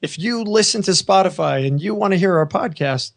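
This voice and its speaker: A man hosting a podcast, hoarse from having partly lost his voice, joking and upbeat in casual banter. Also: high voice, expressive, a little fast. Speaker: podcast host.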